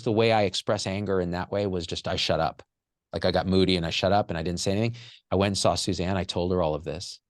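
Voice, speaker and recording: A man's voice: deep voice, dry recording, studio quality. A man telling a raw personal story with candid emotion, swearing freely as a podcast guest.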